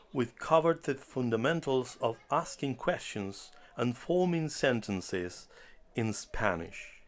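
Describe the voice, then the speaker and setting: Slow, deliberate male language teacher. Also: medium pitch. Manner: deliberate, clearly enunciated teaching delivery. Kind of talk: slow scripted language lesson.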